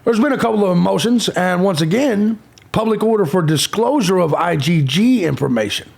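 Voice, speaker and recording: Gravelly, abrasive ranting man. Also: high voice, lively intonation, moderate pace, a little mellow. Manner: abrasive, insulting, sarcastic. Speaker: true crime channel host. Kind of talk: profane ranting commentary.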